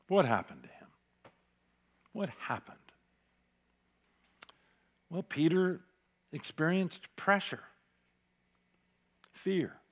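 A man preaching a sermon as pastor, dramatic, swinging between loud declarations and near-whispered asides. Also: fairly high pitch, animated, extremely slow, long pauses. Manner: dramatic, varies loudness, drops to near whisper for emphasis.

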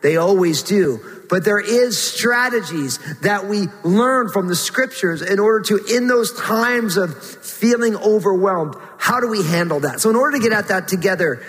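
A man preaching a sermon, earnest and pleading, rising in pitch when he voices prayers. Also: lively intonation, normal speed, few pauses, fairly bright tone, in a large hall, rough recording. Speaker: pastor.

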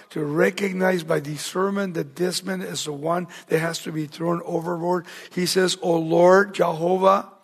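A male pastor preaching a verse-by-verse sermon, emphatic and swinging between loud and hushed, often asking his listeners rhetorical questions. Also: a little high, vocal fry, breathy edge. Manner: asks the congregation rhetorical questions.

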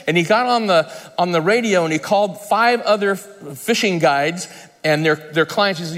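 A man's voice: on the high side, expressive, brisk, fairly bright tone. A man preaching a sermon, telling a humorous fishing story and then reading scripture. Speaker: pastor. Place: large conference hall. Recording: long reverb in a hall.

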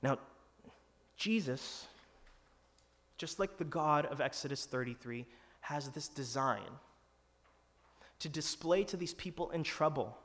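A man's voice: on the high side, slow pace, pauses often, fairly bright tone. A man preaching a sermon in an earnest, conversational way, acting out quoted lines with some drama. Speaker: pastor. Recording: long hall reverb.

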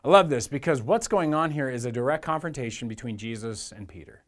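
A man's voice: mid-range voice, animated, brisk. A man preaching a sermon in a church in a conversational way, acting out the voices in the stories he tells. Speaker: pastor.

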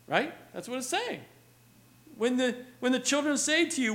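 A man's voice: very high-pitched, big pitch swings, a little fast, a bit bright. A man preaching a sermon as pastor, earnest and building to emphatic exhortation, now and then mimicking children's questions. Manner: acts out children's whiny questions.

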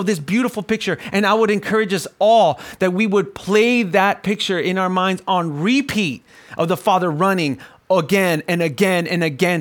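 A male pastor in his forties preaching a sermon, telling a personal story and moving between quiet, reflective passages and emphatic, rising exclamations. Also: sits high.

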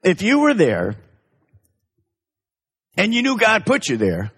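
Male pastor, sermon delivery, lively swooping pitch, long hall reverb. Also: husky. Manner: emphatic, drawn-out stresses with big pitch swings.

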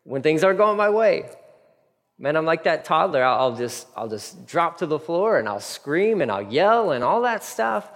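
A man preaching a casual, animated sermon, acting out the people in his story. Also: on the high side, moderate pace. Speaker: pastor. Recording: long hall reverb.

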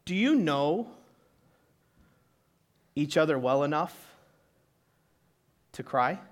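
Pastor guy preaching in church, high voice, chatty, goes loud then real quiet. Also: expressive, slow. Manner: conversational preaching with rhetorical questions; swings from loud emphasis to quiet, near-hushed lines. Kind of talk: sermon.

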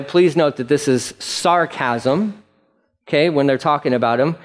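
Brief: male pastor, slightly high voice, animated sermon delivery with acted-out quotes. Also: unhurried. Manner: animated, acts out mocking voices, conversational asides. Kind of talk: verse-by-verse sermon.

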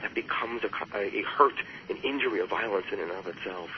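A man who works as a therapist, speaking as an interview guest, explaining with emphasis and jumping higher when he quotes others. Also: quick pace, dull audio, a little hiss or hum. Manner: emphatic, rises sharply on quoted voices. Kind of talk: earnest explanatory interview talk.

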